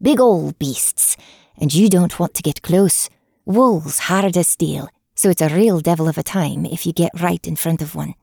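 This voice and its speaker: A woman voicing a light, breathy female hunter with an Irish accent. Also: fairly low pitch, unhurried, dark tone, no room sound, clean studio sound, heavily acted. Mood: cheery.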